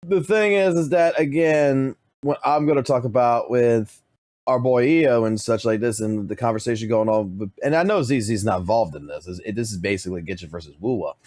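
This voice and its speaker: A male streamer talks to his live chat in a loose, blunt way, dropping swear words into nearly every sentence. His voice sits at an ordinary mid pitch. The sound is dry and close, with no room echo. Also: brisk, a little mellow. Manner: profane and blunt, swears constantly. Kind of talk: casual live-stream talk.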